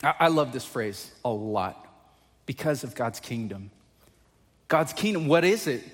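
A pastor preaching a conversational sermon, often asking the congregation questions. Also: male voice, mid-range voice, animated, a little slow, in a large hall.

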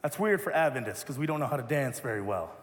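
A man preaching a sermon, leading a playful live object lesson with animated, joking delivery. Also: medium pitch, fast. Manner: animated, rises to loud exhortation. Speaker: pastor. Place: large church hall. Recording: long reverb of a hall.

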